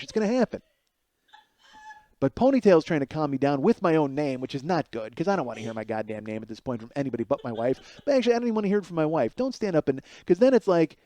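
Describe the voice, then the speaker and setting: A man in his forties tells a comic story alone on his podcast, animated and cheerfully profane, often laughing at himself. His voice sits a little high but has a mellow, relaxed tone. The sound is close and dry. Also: no echo. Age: 40s. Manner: animated, profane, self-mocking. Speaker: podcast host. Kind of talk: solo comedic storytelling.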